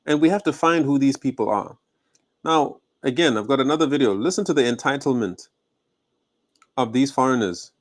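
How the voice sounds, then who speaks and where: A man's voice: mid-range voice, animated, normal speed. A man with a South African accent giving heated, confrontational reaction commentary, his voice rising when he gets angry. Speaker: online commentator.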